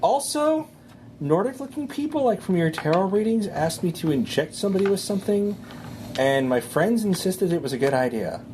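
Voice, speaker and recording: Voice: medium pitch, big pitch swings, normal speed, a little mellow, lightly acted. A player voicing an anxious teenage girl asking nervous questions. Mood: uneasy. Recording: noisy background.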